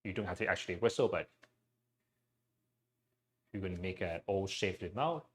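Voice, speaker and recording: A man leading a guided breathing exercise class into his own mic, speaking gently, with frequent "okay" and "um". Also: low voice, expressive, moderate pace. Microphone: personal mic.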